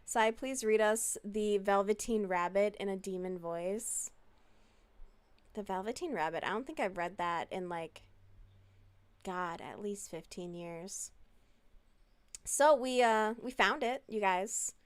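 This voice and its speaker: A woman's voice: mid-range voice, slow pace, pauses often, smooth. A woman talking in a casual, chatty way on a live stream, answering chat messages and swearing freely.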